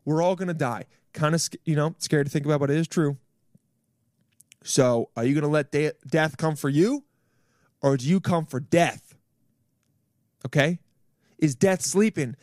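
A young man giving a crude, animated comedic rant at home, acting out other people's voices. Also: fairly high pitch, no room sound, clean studio sound. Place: home, roommate in next room.

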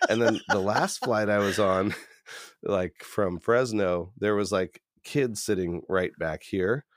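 Deep-voiced man telling stories, laughing. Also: slow pace, no room sound, studio quality. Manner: laughing storyteller, acts out quotes in higher voices. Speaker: podcast co-host. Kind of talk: casual chat.

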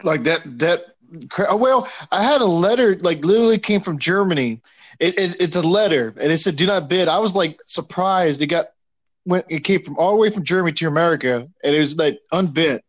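A man telling halting, stammering anecdotes in a casual chat among friends. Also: fairly high pitch.

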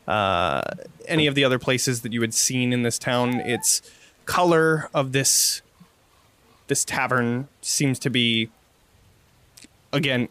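A man narrating as game master in a tabletop game, in a relaxed, meandering way. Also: medium pitch, dry recording.

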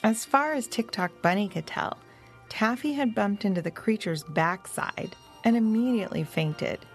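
A woman hosting and narrating a children's story podcast in a gentle, deliberate way. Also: medium pitch, expressive, faint music behind. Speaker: storyteller host.

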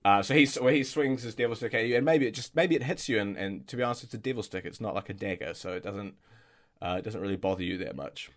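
A man's voice: lowish voice, expressive, fast. A man narrating as game master in a tabletop game, hesitant with many fillers and restarts.

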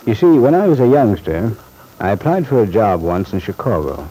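A man's voice: on the low side, very animated, normal speed, dark tone, slightly rough, poor audio. A genial fatherly banker uncle. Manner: genial, chuckling, reassuring. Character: fatherly middle-aged male bank owner uncle. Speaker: bank executive. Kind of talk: vintage radio soap acting.

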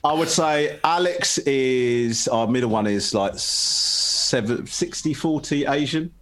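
A man's voice: mid-range voice, slow pace, a bit bright. A middle-aged man in casual chat, rambling through family stories and acting out quoted voices. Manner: rambling storyteller, acts out quoted voices, laughs often. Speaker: podcast co-host.

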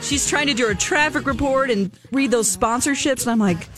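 A man's voice: very high-pitched, fairly quick, music in the background. A man who is a regular on a morning radio show, agreeable and laughing along in casual banter.

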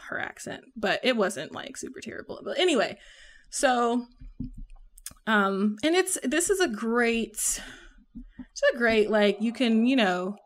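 A woman from the American South with a Southern accent, chatting casually about a book she read, rambling with lots of fillers and laughing often. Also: mid-range voice. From Southern United States. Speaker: podcast co-host reviewing a book. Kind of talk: casual chat.

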